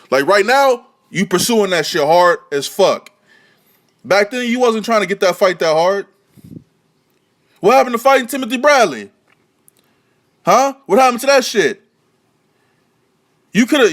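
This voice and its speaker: A man's voice: sits high, a bit bright. A man giving profane boxing commentary to camera, heated, mocking and repetitive. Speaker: boxing vlogger.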